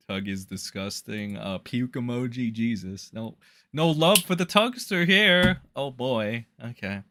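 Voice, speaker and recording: A man's voice: mid-range voice, measured pace. Crude, rambling male streamer. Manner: rambling, crude, animated, frequent fillers. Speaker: streamer host. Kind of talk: casual profane livestream commentary.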